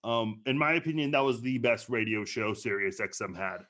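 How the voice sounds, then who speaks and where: A man's voice: fairly low pitch, animated, a little fast, fairly bright tone. A man talking casually as a guest on a sports podcast, chatty and often hesitating. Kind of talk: casual chat.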